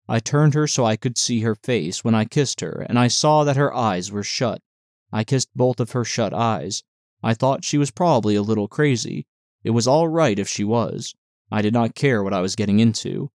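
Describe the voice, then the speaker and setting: A man's voice: medium pitch, moderate pace, darkish tone, dry recording. Man reading a novel aloud, dry close voice. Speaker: audiobook narrator.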